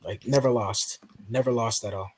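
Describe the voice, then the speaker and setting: Man, relaxed panel talker, husky voice, casual chat with lots of "bro.". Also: on the low side, normal speed. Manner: laid-back, says bro and man a lot.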